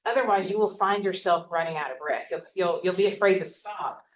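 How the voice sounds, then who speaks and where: Fast-talking Southern woman professor. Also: on the low side, reverberant, lo-fi sound, a little hiss or hum. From American South. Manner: fast-talking, chatty, often adds "right?". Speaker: college professor. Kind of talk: interactive workshop talk. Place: classroom.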